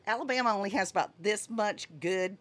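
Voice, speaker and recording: A woman with a Southern US accent, a podcast guest chatting casually and excitedly about a boating trip, often trailing off mid-sentence. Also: medium pitch, fairly quick, crowd noise. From southern United States. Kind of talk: casual conversation.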